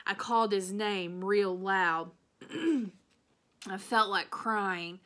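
A woman's voice: medium pitch, slow. A woman teacher reading the last chapter of a children's novel aloud, telling it expressively. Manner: expressive storytelling, changing voices for characters.

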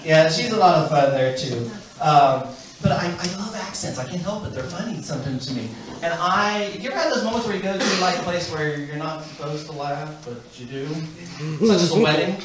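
A man's voice: on the high side, a little fast, over a noisy crowd. A man performing a stand-up comedy set, chuckling as he tells his stories, recorded from afar on a club stage. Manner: animated, chuckling storyteller. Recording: echoey club from far off with noise.

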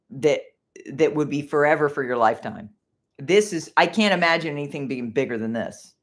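A middle-aged woman hosting a rambling faith livestream from home, chatty and easily distracted, laughing often. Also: extremely low pitch. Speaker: livestream host.

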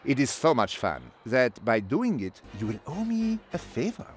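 An actor playing a scheming, formally polite male envoy in a strategy game, with flattering and wheedling speech. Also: medium pitch, normal speed, close to an everyday voice. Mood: sly formal.

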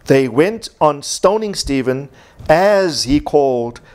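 A man's voice: on the high side, expressive, slow, a little mellow. A man preaching a sermon as pastor, from South Africa, emphatic and repeating his key points.

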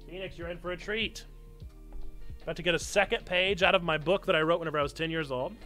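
A man's voice: fairly high pitch, steady tone, quick pace, sharp tone. A young man hosting a casual live stream, playfully reading from a book he wrote as a child and joking with his chat. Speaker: streamer and church host. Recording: faint piano music behind.

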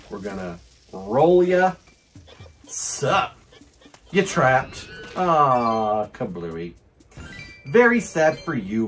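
Lively, unhurried man whooping through a game. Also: lowish voice. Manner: excitable, talks to himself, frequent whoops and laughs. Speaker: gaming channel host. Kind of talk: let's play commentary.

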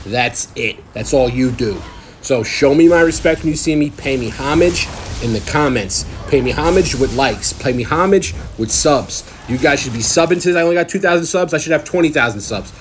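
A man's voice: mid-range voice, slight background noise. A young man boasting and trash-talking over gameplay as a gaming channel host, in a mock-arrogant way. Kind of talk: gameplay commentary.

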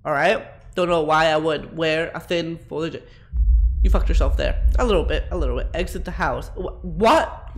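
Crude, chatty high-voiced male streamer. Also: moderate pace, a little hiss or hum. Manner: crude, rambling banter with chat. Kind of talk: live gameplay commentary.

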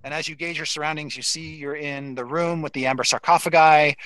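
A man narrating a tabletop game as dungeon master, halting with many fillers. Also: on the high side, fairly even intonation, a bit bright, smooth, dry recording, low-quality recording.

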